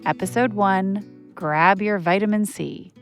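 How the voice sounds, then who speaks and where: A woman's voice: medium pitch, measured pace, soft background music. A woman journalist hosting a podcast, narrating her own story in a candid, conversational way with casual fillers.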